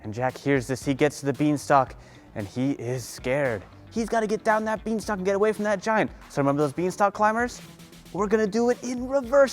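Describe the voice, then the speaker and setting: A woman leading a children's yoga lesson through a story, animated and playful, gasping with excitement. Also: mid-range voice, a little fast, faint music behind. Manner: animated, playful, lots of gasps. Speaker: kids' yoga teacher.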